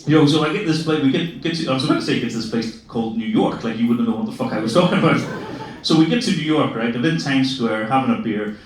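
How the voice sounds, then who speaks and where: Heard from a distance in an echoey club, this Irish comic in his forties talks fast in a mid-range voice, with a little hiss or hum on the recording. His set is profane, laughing banter aimed at the live crowd, who laugh back.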